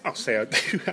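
A man co-hosting a podcast in casual chat, playful and stammering as he jokes. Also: pushed and bright. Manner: stammering, playful, quick to joke. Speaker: podcast co-host.

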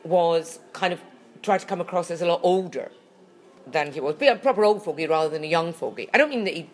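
Low-voiced woman who keeps coughing. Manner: halting, full of restarts and fillers, animated when indignant. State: recurring cough. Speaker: podcast co-host. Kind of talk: casual chat.

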